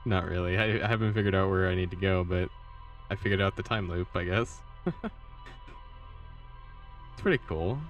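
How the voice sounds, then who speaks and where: A man's voice: sits low, steady tone, fast talker, highs cut off, soft background music. A sleepy man chatting casually while streaming a game live, chuckling often. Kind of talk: live gameplay stream commentary. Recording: slightly distant mic, faint background noise.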